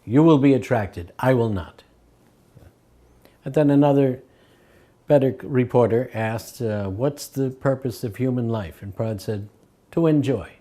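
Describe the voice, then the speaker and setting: An older man recalling his spiritual teacher in a relaxed storytelling way, acting out the voices in his stories. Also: mid-range voice, normal speed, long pauses. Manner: acts out quoted voices, chuckles between stories. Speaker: devotee recalling memories. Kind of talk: anecdotal storytelling.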